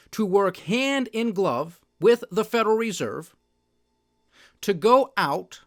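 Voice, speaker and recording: Sardonic male podcast host, higher voice, emphatic solo rant on markets. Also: fairly bright tone. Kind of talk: solo political and market commentary.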